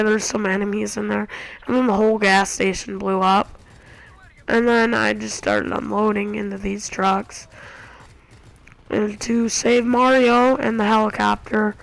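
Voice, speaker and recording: A woman giving casual gameplay commentary, excitable and acting out her own reactions. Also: mid-range voice, creaky, rough recording. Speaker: gamer. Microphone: console share recording.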